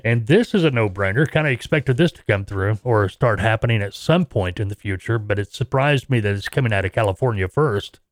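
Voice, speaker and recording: A man's voice: fairly low pitch, lively intonation, a little fast, few pauses, no echo, studio quality. A middle-aged American man hosting a casual podcast, chatty and jokey, rambling along with laughs. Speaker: podcast host.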